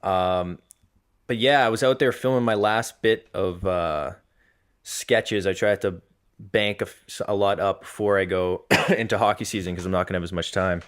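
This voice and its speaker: A man's voice: low voice, steady tone, moderate pace, fairly bright tone, clear, resonant tone. Laid-back joking male podcast co-host. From Massachusetts. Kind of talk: casual chat.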